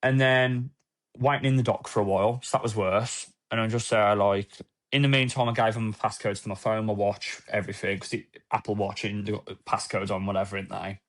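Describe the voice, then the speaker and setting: A man, a former police officer, gives a candid, emotional personal account in a podcast interview, with halting restarts, quoted dialogue and casual swearing. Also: fairly low pitch, steady tone.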